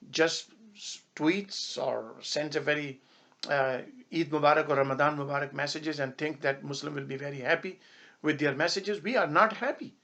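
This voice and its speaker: This man's voice sits on the high side and sounds slightly bright. He is from Canada and speaks as an imam giving a public statement, his passion building toward angry emphasis and broken up by solemn passages of prayer.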